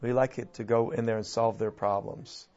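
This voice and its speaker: Male guest speaker, lively and rambling, on a muffled, lo-fi recording. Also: mid-range voice, moderate pace. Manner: animated, restarts often, laughs. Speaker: guest speaker on church and culture. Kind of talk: conversational discussion. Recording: dull lo-fi sound.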